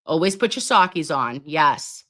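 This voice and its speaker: A middle-aged nurse hosting a live stream, chatting with viewers and reading their comments while she gets over pneumonia and keeps clearing her throat. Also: deep voice, animated, unhurried, pushed and bright. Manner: chatty, calls viewers babes, reads comments aloud. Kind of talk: casual live stream chat.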